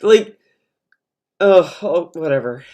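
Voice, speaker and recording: A man's voice: on the high side, expressive, slow pace, mellow. A man streaming, mocking a video he plays, in casual sarcastic commentary with swearing.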